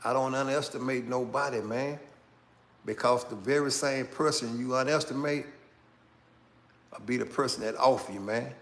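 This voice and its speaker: A middle-aged man hosting his channel, talking in a slow, casual street style and tagging phrases with "man" and "right?". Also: medium pitch, fairly even intonation. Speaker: channel host. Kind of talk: casual commentary monologue.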